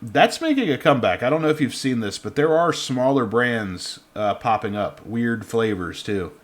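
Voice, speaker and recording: A man in his thirties chats casually as a podcast co-host. He rambles, restarts his sentences and breaks into laughter often, at an everyday mid pitch. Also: animated, normal speed.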